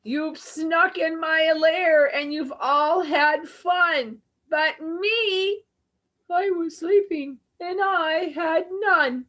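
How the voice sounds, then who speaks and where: A woman's voice: very high-pitched, extremely slow, a bit bright, voice pushed up, full character voice. A woman voicing a big, sad, sulking bear in a whiny voice while reading a storybook aloud.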